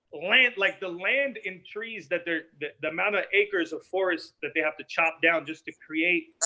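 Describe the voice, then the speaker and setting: A man's voice: sits high, sharp tone, low-quality recording. A young adult man, a battle rapper guest on a podcast, ranting emphatically in casual, profanity-laced chat.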